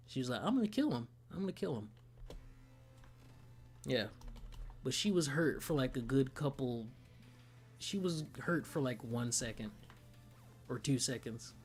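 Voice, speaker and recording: A man casually reacting to a game trailer, slangy and excitable, often breaking into laughter. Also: medium pitch. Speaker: gaming streamer reacting to a trailer.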